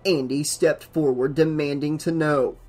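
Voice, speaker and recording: A man narrates a horror novel in a scripted audiobook read. His voice sits on the high side, and he leans hard into the dramatic beats. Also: steady tone, unhurried, a little mellow, soft background music.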